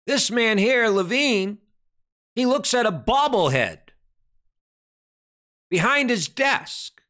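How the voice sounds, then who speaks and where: A man delivers a dramatic sermon, hammering questions at his listeners before dropping to a grave hush. His voice sits high and bright and leaps all over its range. He takes his time, drawing out each phrase. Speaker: preacher. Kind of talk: impassioned sermon commentary.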